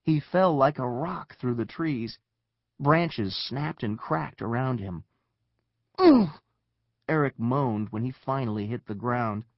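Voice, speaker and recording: A man narrating a children's story with expressive storytelling. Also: medium pitch, a little slow, no echo, muffled recording. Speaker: audiobook narrator.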